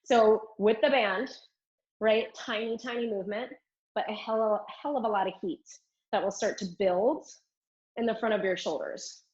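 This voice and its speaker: A woman's voice: medium pitch, normal speed, darkish tone. Upbeat woman cueing a Pilates class. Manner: upbeat counting and cueing while doing the moves. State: strained from exercising along. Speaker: Pilates instructor. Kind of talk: live online fitness class cueing. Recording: slightly dull lo-fi stream audio.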